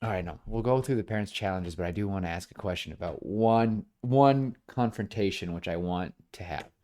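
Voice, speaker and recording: A man co-hosting a podcast, chatting casually as he pitches a film idea and acts out bits of dialogue along the way. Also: a little fast, a little mellow. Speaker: podcast co-host. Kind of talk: casual pitch-meeting chat.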